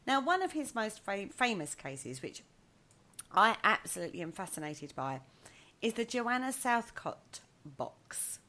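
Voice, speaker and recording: A woman co-hosting a casual chat show, animated and quick to laugh, leading the discussion. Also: mid-range voice. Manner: animated, laughs often, leads the topic. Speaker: podcast co-host.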